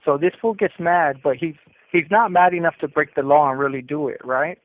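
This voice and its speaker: A man's voice: on the high side, brisk. A man calling from prison, telling in a candid, streetwise way about his first days in custody as a youth. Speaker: incarcerated caller. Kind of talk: casual storytelling over the phone. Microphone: prison phone. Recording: tinny prison phone line.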